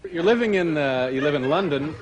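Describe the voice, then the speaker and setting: A man hosting a talk show, asking dry, halting questions full of hesitations. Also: on the high side, lively intonation, crowd noise, rough recording.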